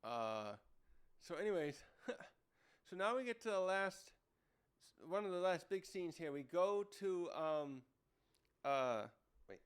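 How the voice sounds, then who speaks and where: A man's voice: high-pitched, animated, slow pace, pauses often, clean tone. A man reviewing a comic chapter in casual chat, rambling with many fillers and restarts. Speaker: manga reviewer.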